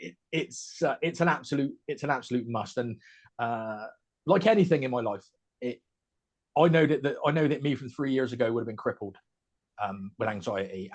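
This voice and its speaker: A man with a West Country English accent talks casually as a guest on a comedy podcast, his voice husky and a little breathy. He stumbles and restarts his thoughts often, fillers between nearly every phrase, as heard over a video call. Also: mid-range voice, a little mellow. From West Country, England. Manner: halting, many restarts and fillers.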